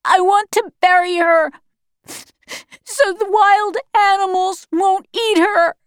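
A woman's voice: very high voice, fairly even intonation, takes it slowly, no room sound, studio quality, pitched above the performer's own voice. A woman voicing a frightened young boy who pleads. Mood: pleading.

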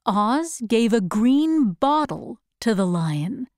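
Very slow, expressive woman storyteller. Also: on the high side, dry recording, studio quality. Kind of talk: storybook read-aloud.

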